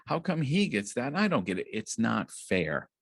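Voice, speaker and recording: A man's voice: sits low, moderate pace, a bit bright, no room sound, studio quality. A man voicing a resentful older brother who complains that he has been treated unfairly. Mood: indignant. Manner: aggrieved, complaining.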